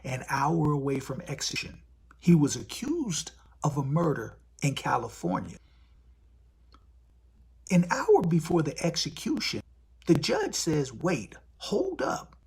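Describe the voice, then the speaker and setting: A man's voice: mid-range voice, creaky, slightly rough. A man hosting a live stream in casual talk, blunt and profane. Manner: blunt, profane, animated storytelling.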